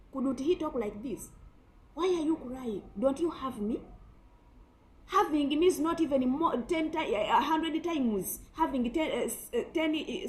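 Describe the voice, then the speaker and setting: High, animated woman preacher. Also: rough recording. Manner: emphatic, many rhetorical questions. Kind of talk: sermon.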